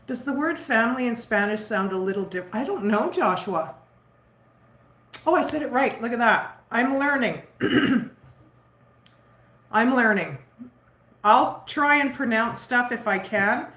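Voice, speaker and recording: A woman's voice: on the high side, expressive, a little slow, long pauses, fairly bright tone. Chatty, giggly woman in a roomy kitchen. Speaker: livestream host. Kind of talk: casual chat with live viewers. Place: home kitchen. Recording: roomy echo.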